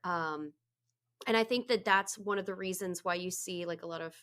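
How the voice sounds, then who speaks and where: A woman joins a film review podcast as a guest. She talks in a relaxed, reflective way, easing into her points in casual chat. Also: fairly low pitch, normal speed.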